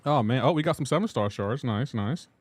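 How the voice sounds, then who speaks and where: A man's voice: mid-range voice, lively intonation, brisk, husky. A man streaming a game live, chatting casually and greeting his viewers one by one in an upbeat, talkative way. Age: adult with a child.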